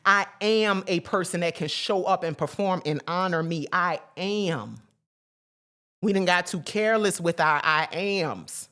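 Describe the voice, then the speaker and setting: A woman's voice: lowish voice, unhurried, fairly bright tone. A woman delivering a loose, sermon-like spiritual talk. She speaks emphatically in casual slang, drops curse words freely, and leans on repetition to drive her points home. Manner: repeats phrases for emphasis. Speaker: spiritual teacher. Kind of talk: informal spiritual teaching monologue.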